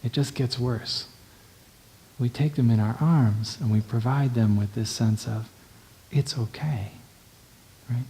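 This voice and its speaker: A male meditation teacher giving a dharma talk in a gentle, unhurried way, often checking in with the listener. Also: mid-range voice, steady tone.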